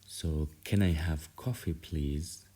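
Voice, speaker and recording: A man with a very deep, dark voice gives an online lesson. He talks slowly and patiently, repeating each phrase so learners can say it after him. His voice has a husky edge. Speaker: Arabic teacher.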